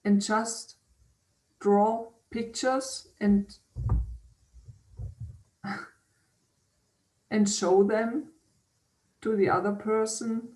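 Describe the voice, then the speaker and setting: Slow, hesitant woman, echoey and distant. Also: mid-range voice, fairly even intonation. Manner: hesitant, gentle, many false starts. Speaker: interviewer. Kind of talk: casual interview conversation. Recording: roomy, distant from the mic.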